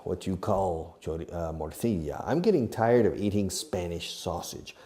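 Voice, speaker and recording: Man, middle-aged, low mellow voice, playful English teacher, quizzes himself on camera. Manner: playful teacher, asks and answers his own questions. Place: classroom filmed for video. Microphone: camera operated by an assistant.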